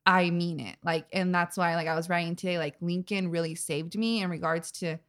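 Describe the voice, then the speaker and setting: A young woman hosting a podcast in casual chat, effusive and animated, peppering her talk with filler words. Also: fairly low pitch, a little fast. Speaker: podcast host.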